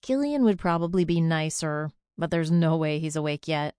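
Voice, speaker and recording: A woman's voice: deep voice, moderate pace, darkish tone, clear, resonant tone, no echo, studio quality. A young adult woman narrating a first-person audiobook in a chatty, confiding way.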